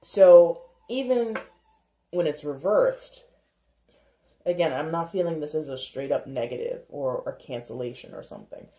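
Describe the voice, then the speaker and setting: In a roomy, echoing recording, a tarot reader speaks a little slowly in a warm, mid-range voice. The reading is casual and chatty, punctuated by frequent laughs as they think aloud.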